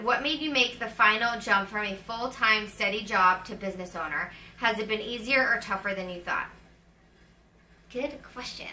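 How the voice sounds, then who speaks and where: Woman, 20s, vlogger doing casual Q&A. Chatty, filler-heavy delivery, very bright tone, a bit distant from the mic. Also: mid-range voice, slight background noise. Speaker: vlogger answering viewer questions. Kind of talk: casual Q&A chat. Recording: roomy, slightly distant mic.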